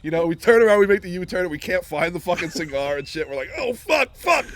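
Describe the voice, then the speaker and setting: A man in a band, co-hosting a live Q&A and telling animated tour stories with plenty of swearing. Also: fairly high pitch. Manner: quick, animated storyteller, swears a lot. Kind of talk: casual chat.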